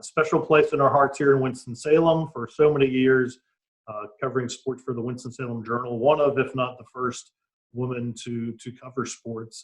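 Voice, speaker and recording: A man's voice: mid-range voice, poor audio. A man hosting a casual interview over a video call, rambling and repeating words as he thinks. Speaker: interview host.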